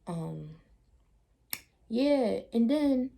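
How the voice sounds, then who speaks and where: A young woman telling a casual storytime to her camera, blunt and animated, with slangy asides. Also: a little high, drawn-out words, creaky, slight background noise. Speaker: vlogger.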